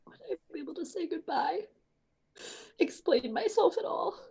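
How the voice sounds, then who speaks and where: High, gravelly-voiced woman player. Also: expressive. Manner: soft, halting, often whispered. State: tearful. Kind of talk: in-character tabletop role-play.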